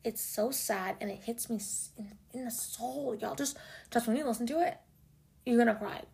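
Give me a chatty young woman gushing as a fan, slightly high, with vocal fry. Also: normal speed, a little mellow. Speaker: music vlogger. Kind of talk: casual chat.

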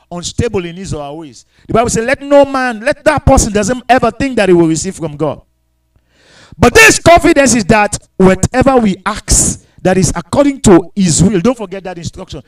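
High-voiced, lively male preacher. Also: poor audio. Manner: repetitive preaching with rhetorical questions. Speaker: pastor. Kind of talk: sermon.

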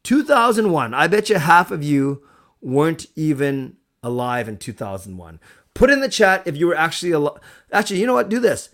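A man's voice: on the high side, very animated, normal speed, a bit bright. A man hosting a casual live stream, chatty and rambling, thanking viewers as he goes. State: recovered from a cold. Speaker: livestream host.

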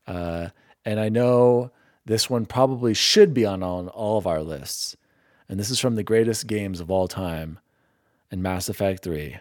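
A young man hosting a casual gaming podcast, openly sentimental and quick to laugh at himself. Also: on the low side, darkish tone, no echo, clean studio sound. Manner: emotional, self-deprecating, quick to laugh. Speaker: podcast host.

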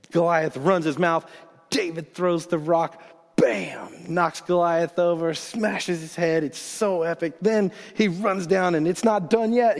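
A man preaching a sermon as pastor, telling the story in a casual, animated way with bursts of excitement. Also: a little high. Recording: long hall reverb.

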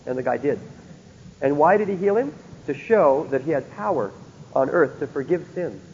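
Gravelly man lecturing in an echoing hall. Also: fairly high pitch, animated, moderate pace, darkish tone, a little hiss or hum. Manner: keeps checking in with rhetorical questions. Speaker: Bible teacher. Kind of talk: recorded theology lecture. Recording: dull lo-fi recording in a reverberant hall.

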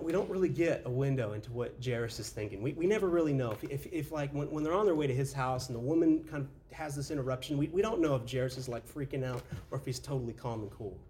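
A man's voice: mid-range voice, a little mellow, slight background noise. A man preaching a casual, conversational sermon as a pastor, often saying "man" and restarting his sentences. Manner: conversational, says "man" a lot, with frequent restarts.

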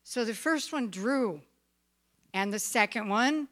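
A woman telling a Bible story for children, lively, dramatic and playful. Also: a little high, takes it slowly.

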